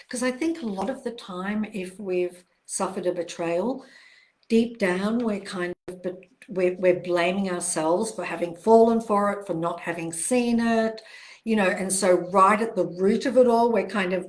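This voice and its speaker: An older woman speaks on a live-streamed question-and-answer session. Her delivery is gentle and reassuring, with soft pauses and phrases repeated for emphasis. Her pitch sits in a middle register for a woman. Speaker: self-help author hosting a live Q&A.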